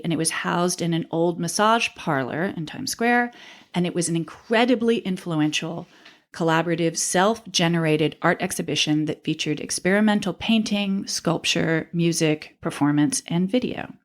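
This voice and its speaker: Woman podcast co-host, slightly low voice, relaxed storyteller who reads an account aloud. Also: normal speed. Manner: reads a transcribed story aloud, laughing easily. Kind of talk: casual storytelling chat.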